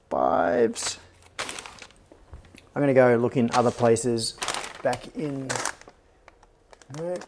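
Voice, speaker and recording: A man hosting a live stream, chatting casually and muttering to himself while he searches a workshop clean room. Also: mid-range voice. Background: rustling anti-static bags and clicks.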